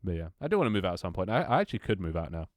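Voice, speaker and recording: Young man, very low voice, dry close sound, casual streamer chat, swears, restarts sentences. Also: sing-song, very fast, dry recording. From London, England.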